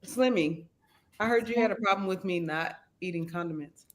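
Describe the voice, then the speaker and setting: A woman in casual podcast banter, calmly explaining her habits and listing details. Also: lowish voice, moderate pace. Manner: matter-of-fact, listing details.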